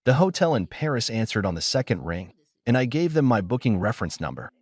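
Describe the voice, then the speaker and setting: A man narrating a first-person story in a steady, measured way. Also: mid-range voice, breathy edge, no room sound.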